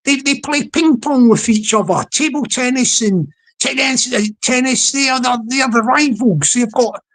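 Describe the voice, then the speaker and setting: A woman's voice: high-pitched, normal speed. A woman chatting casually on a livestream, rambling and repeating herself as she talks to viewers. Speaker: live streamer.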